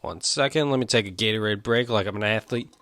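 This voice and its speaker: A man's voice: lowish voice, quick pace, noisy background. A young man from Chicago hosting his own podcast, talking in a rambling, self-deprecating, loose and chatty way. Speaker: podcast host. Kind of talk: casual solo podcast chat.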